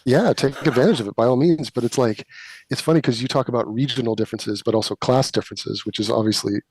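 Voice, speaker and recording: A man's voice: medium pitch, fast talker, a little mellow, breathy edge, dry recording. A man from California with a Californian accent, chatting as an interview guest, talkative and wry, leaning on the word like. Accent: Californian American. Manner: talkative, opinionated, wry, says like often. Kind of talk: casual interview chat.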